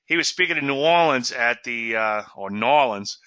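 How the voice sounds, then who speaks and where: A man's voice: mid-range voice, expressive, normal speed, pushed and bright, dry recording, dull audio. A middle-aged man from Louisiana giving trading commentary in a chatty webinar, with sarcastic asides and a habit of tagging "okay?" onto points.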